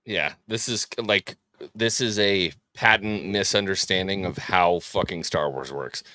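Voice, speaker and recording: A man's voice: low voice, measured pace, bright, forceful tone, no echo, studio quality. An American man in casual chat as co-host, sarcastic and profane, mocking what others say. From United States.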